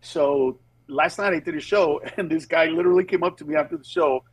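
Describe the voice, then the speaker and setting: Animated husky-voiced male comedian. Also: fairly high pitch, brisk, no room sound, low-quality recording. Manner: animated storyteller, acts out quoted voices with laughs. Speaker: comedian guest. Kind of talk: phone interview chat. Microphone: phone line with Bluetooth.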